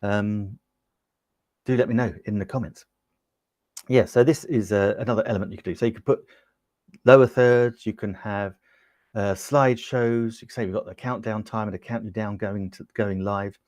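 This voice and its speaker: A man's voice: lowish voice, steady tone, moderate pace, a little mellow, no room sound. Chatty Englishman demoing gear, dry sound. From United Kingdom. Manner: chatty and upbeat, with frequent ums, talking to viewers in the chat. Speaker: livestream host demonstrating gear. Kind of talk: casual product demo on a livestream. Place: small home studio with ring light. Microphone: lapel mic.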